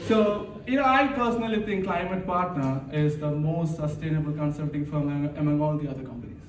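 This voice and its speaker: A man's voice: fairly high pitch, a little fast. A young man from India, doing a chatty, self-mocking stand-up set at an office Christmas party and laughing at his own jokes. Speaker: stand-up comedian at a work party. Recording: echoey room, distant mic, noisy.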